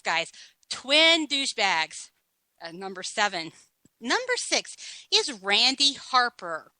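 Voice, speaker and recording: Middle-aged female host, mocking and sarcastic; slightly high, very bright tone, dry recording. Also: dry recording, poor audio. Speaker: podcast host. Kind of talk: opinionated countdown commentary.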